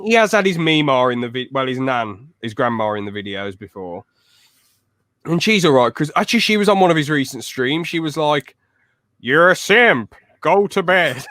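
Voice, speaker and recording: A young man chats casually as a podcast host. He tells stories with energy and throws in loud acted-out quotes. His voice sits at a middle pitch, recorded dry and close. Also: no room sound. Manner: lively storyteller who acts out loud quotes. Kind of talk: casual chat.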